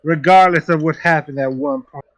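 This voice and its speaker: Slow, grave male game master. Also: a little high. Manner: slow, grave pronouncements in character. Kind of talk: narrating and voicing a tabletop game.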